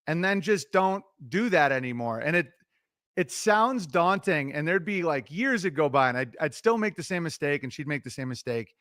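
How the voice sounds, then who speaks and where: A middle-aged man talking loosely on a livestream, giving relationship advice in an animated, profane, self-interrupting ramble. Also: a little high, moderate pace, no echo, studio quality. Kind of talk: casual rambling monologue.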